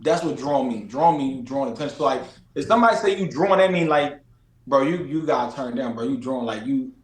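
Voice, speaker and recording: A man from Philadelphia with a Philadelphia accent, an interview guest in casual chat, animated and slangy, repeating phrases for emphasis. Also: medium pitch, fast, echoey room, rough recording. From Philadelphia, USA.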